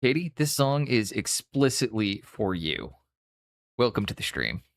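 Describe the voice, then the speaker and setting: A man's voice: on the low side, sing-song, unhurried, vocal fry. A young man from Canada's West Coast with a mild Western Canadian accent, chatting casually on a live stream while he paints miniatures, in a laid-back, mumbling way with casual swearing.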